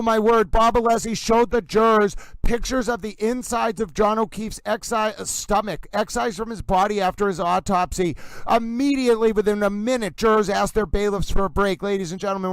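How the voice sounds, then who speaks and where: A man hosting a live commentary stream on a trial, excitable and given to repeated exclamations, speaking close to the mic. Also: high-pitched, clean tone, no room sound, low-quality recording. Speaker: livestream host.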